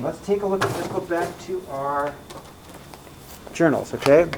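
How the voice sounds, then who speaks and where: A man's voice: a little high, measured pace, background noise. A man teaching a recorded math lesson in a casual way, often checking in with "right?" and "okay?".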